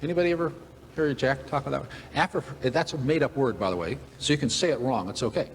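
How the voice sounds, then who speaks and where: A man's voice: mid-range voice, fast, breathy edge. Folksy joking man in an echoey hall. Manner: folksy, joking, acts out characters. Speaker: motivational speaker. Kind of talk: humorous storytelling talk. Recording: long hall reverb, faint ambience.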